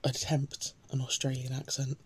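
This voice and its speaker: Soft, husky-voiced woman reading poetry. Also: very deep voice, monotone, moderate pace. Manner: soft-spoken, often slipping into a whisper. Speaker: host of a daily poem reading. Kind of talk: casual chat and poetry reading.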